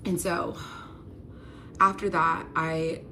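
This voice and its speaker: A woman's voice: low-pitched, level tone, extremely slow, bright, forceful tone, a little hiss or hum. A young woman telling a personal story to her viewers. She speaks candidly, with lots of likes and ums, and her voice rises and strains when she relives the fight.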